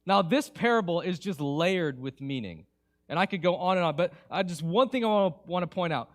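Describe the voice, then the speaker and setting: Male pastor delivering a sermon in church, slightly high voice, chatty and animated, drops quiet then lifts emphatically. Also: fairly quick. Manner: conversational, animated, swings between hushed and emphatic.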